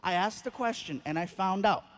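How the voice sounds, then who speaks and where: A man doing stand-up before a live audience, telling an animated story and acting out the scenes. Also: sits high, moderate pace. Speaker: stand-up comedian. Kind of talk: stand-up routine.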